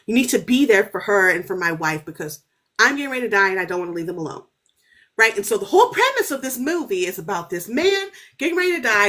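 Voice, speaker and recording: Speaking at a medium pitch, this author guest in her thirties recounts a story on a podcast. She's casual and animated, leaning heavily on "like" and "right?", with her voice jumping whenever excitement takes over.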